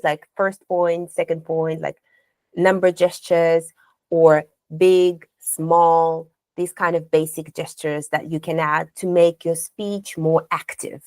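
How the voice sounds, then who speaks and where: A woman's voice: fairly low pitch, no room sound. A woman teaching speech delivery as a contest trainer, asking the learners questions and demonstrating intonation aloud. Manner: coaching, poses rhetorical questions to learners. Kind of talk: instructional lecture.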